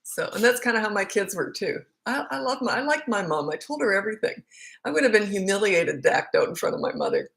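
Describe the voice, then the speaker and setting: A woman's voice: mid-range voice, huge pitch swings, fast talker, creaky, a bit bright. A middle-aged woman, a parenting coach, answering viewer questions in a casual, blunt and frank way, repeating words for emphasis.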